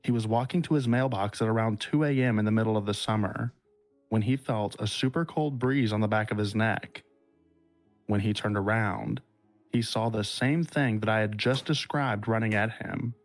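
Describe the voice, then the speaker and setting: A man hosting a podcast who reads a listener's horror story aloud at a measured, unhurried pace and then chats casually with guests. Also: on the low side, faint music behind. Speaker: podcast host.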